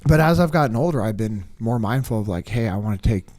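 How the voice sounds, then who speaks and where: A man's voice: on the low side, quick pace. A man telling a personal story in casual podcast chat, acting out what people said, with plenty of fillers. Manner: animated storyteller, acts out quotes, many fillers. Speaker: podcast guest. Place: podcast studio.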